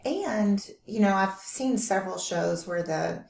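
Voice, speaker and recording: A woman's voice: mid-range voice, unhurried, gravelly, darkish tone. A woman co-hosting a true crime podcast in casual chat, agreeing with the host. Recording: roomy, distant mic, faint hiss.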